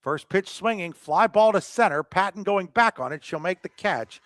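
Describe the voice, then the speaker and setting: A man doing live softball play-by-play commentary, chatty between pitches and rising in excitement on the plays. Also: moderate pace, dry recording, clean studio sound.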